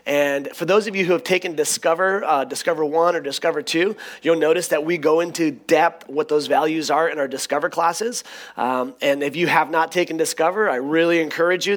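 A middle-aged man preaching a sermon as pastor, in a conversational, animated storytelling manner. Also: fairly high pitch.

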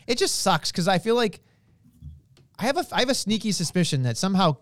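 A man co-hosting a casual podcast chat, animated, dragging out words for emphasis and throwing in playful exclamations. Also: high-pitched, brisk, dry recording. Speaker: podcast co-host.

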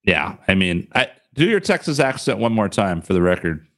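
A man's voice: deep voice, big pitch swings, normal speed. A man hosting a casual podcast chat, rambling with lots of fillers.

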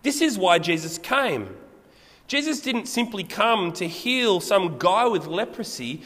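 A man preaching a sermon, explaining scripture in an animated way and putting rhetorical questions to his listeners. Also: sits high, unhurried. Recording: long reverb of a hall.

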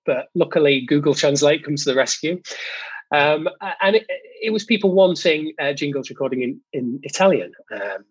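A man, a jingle company owner, chatting as an interview guest in a modest, halting way with many ums. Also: a little high, lively intonation, slightly rough, no echo, muffled recording. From United Kingdom. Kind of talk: casual interview chat.

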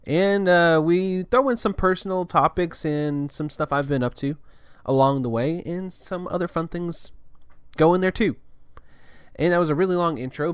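A man's voice: a little high, normal speed, smooth, dry recording. A young adult man hosting a podcast in a casual, rambling monologue full of fillers and restarts. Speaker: podcast host.

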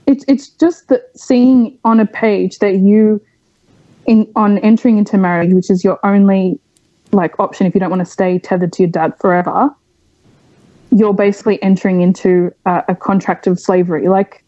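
Guest: young woman from Australia, candid interview, mellow dry voice, animated storyteller. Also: medium pitch, moderate pace, dry recording, muffled recording. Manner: frank, animated storytelling with many fillers. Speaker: podcast guest.

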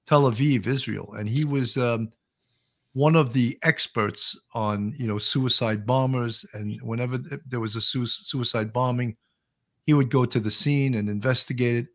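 A man's voice: medium pitch, fairly even intonation, normal speed, a bit bright. A man hosting a talk show, speaking earnestly in a conversational way. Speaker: host, retired police officer. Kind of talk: casual chat.

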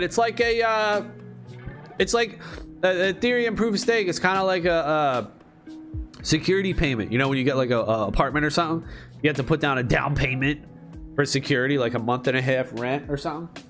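Profane, rambling man with a higher voice. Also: a little fast, a bit bright, soft background music. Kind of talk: casual rant.

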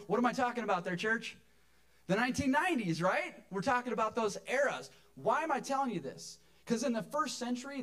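A man preaching a sermon in a church, talking to the congregation in a conversational, joking way. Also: sits high. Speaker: pastor.

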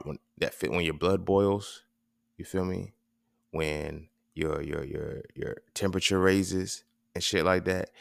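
A man's voice: rumbling low, creaky, fairly bright tone, no echo. A man hosting a podcast in a casual monologue, rambling and profane, checking in with "right?" between thoughts. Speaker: podcast host.

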